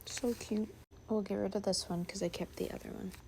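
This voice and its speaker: A woman chatting casually as she sorts through her things, musing and thinking aloud, sometimes dropping to a soft whisper. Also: mid-range voice, fairly even intonation, fairly quick, creaky, noisy background. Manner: drops to a soft whisper at times. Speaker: sewing vlogger. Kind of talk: casual narration while sorting.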